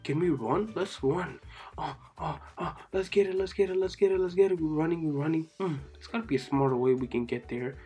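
An excitable narrator of a kids' cartoon who keeps repeating short phrases in a chanting way. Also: medium pitch, creaky.

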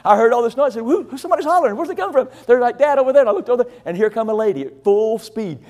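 A middle-aged man raised on an Illinois farm delivers a storytelling sermon. His voice sits high for a man, and he rambles through the anecdote with folksy, self-deprecating humor. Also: animated, rapid-fire, darkish tone. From rural Illinois, USA. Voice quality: deaf in one ear. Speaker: pastor.

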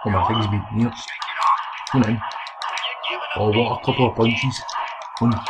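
A Scottish man giving excited, foul-mouthed let's play commentary, trash-talking the game as he plays. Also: fairly low pitch, moderate pace, pauses often. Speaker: gaming commentator. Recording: noisy home recording.

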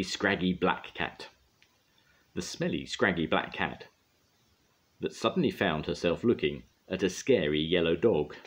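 An older man gently and expressively reading a children's story aloud. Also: low voice, slightly rough. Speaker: storyteller grandad.

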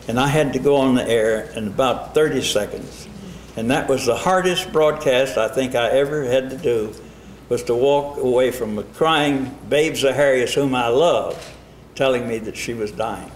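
A man's voice: mid-range voice, normal speed, slight background noise. An older man interviewing a guest, recounting anecdotes casually with small restarts and hesitations. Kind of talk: casual reminiscing conversation. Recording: roomy archival interview recording.

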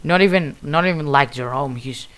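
A man with a Greek accent giving casual, excitable commentary while playing a video game. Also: a little high, moderate pace. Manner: excitable, bursts of loud exclamations. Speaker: gamer.

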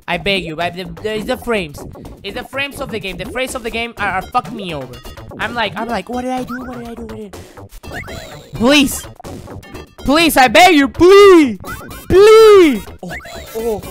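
Excitable theatrical male streamer. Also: sits high, brisk. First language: Spanish. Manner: excitable and theatrical, swinging between mutters and yelps. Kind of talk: live gameplay streaming commentary. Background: game music.

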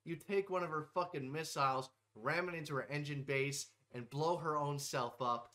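Brash young male host, swears nonstop, mock-tough comedic rant, slightly high pitch. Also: moderate pace, pushed and bright. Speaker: host ranking game characters. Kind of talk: profane comedic tier-list rant.

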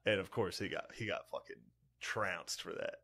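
A man in relaxed podcast banter, telling rambling stories full of curses and "dude". His voice sits a little low for a man. He chats easily with his co-host. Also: moderate pace, husky. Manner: loose, profane storytelling with frequent "dude". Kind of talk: casual chat.

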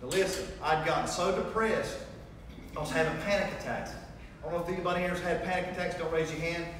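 High-voiced preacher in echoey hall. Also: male voice, brisk, background noise. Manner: animated storytelling, acting out dialogue. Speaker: preacher giving testimony. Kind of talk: sermon testimony. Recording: echoey hall, mic far off.

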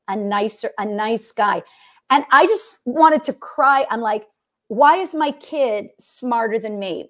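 Middle-aged woman, high voice, rambling comic storyteller, acts out quotes, casual chat. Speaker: guest comedian.

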